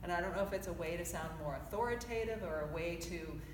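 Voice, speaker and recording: A woman coaching a choir section through a vocal warmup, encouraging and chatty, quick to laugh. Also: on the low side. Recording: roomy sound with background noise.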